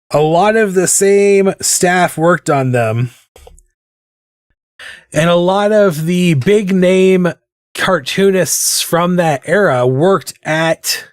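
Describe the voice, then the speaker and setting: A man's voice: high-pitched, no room sound, clean studio sound. A man chatting casually while he draws, drifting off on tangents and poking fun at himself. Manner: rambling, tangent-prone, self-mocking. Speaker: artist streaming a drawing session. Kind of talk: casual chat while drawing.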